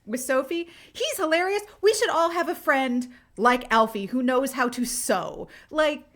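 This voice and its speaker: A woman's voice: high-pitched, measured pace, a little hiss or hum. Chatty woman co-hosting a podcast. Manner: chatty, animated, swearing freely. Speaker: podcast co-host. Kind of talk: casual chat.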